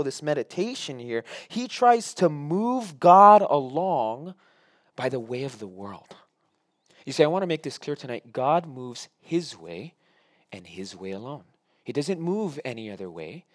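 A man preaching a sermon as pastor, swinging between loud emphatic lines and quiet, drawn-out asides. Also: on the high side, very animated.

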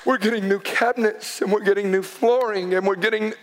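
Pastor, middle-aged man, a very high voice for a man, preaching with fervour and sudden emphatic bursts. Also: fairly even intonation, brisk, slight background noise. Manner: fervent, conversational preaching with emphatic outbursts. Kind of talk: sermon.

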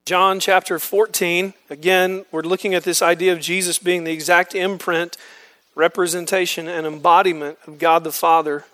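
A man's voice: sits high, little pitch movement, moderate pace, pushed and bright. A man leading a men's Bible study, explaining scripture earnestly and using homespun examples.

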